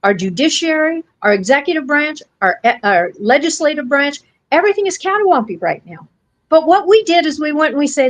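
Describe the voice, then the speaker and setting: A woman's voice: sits high, sing-song, brisk, dry recording, rough recording. An American woman co-hosting a podcast, telling a story in a blunt, folksy way and acting out the voices of the people in it. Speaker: podcast co-host. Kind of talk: casual storytelling chat.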